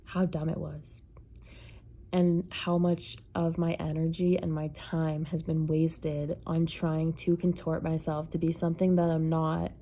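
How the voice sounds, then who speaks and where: A woman vlogger giving an earnest, soft-spoken reflective monologue, peppered with "like" and "kind of". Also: deep voice, level tone, unhurried.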